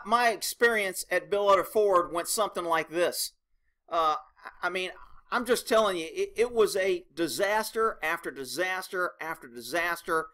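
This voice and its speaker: A man's voice: sits high, sharp tone. A man telling a sarcastic, exasperated story about a car dealership and acting out both sides of the talk. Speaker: vlogger recounting a complaint. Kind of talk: animated complaint rant.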